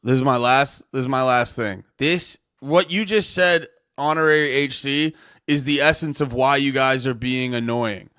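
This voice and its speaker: A man's voice: medium pitch, moderate pace, fairly bright tone, clean tone, faint music behind. A man streaming live, a comedian ranting at his chat in a profane, exasperated, argumentative way. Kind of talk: livestream rant at chat.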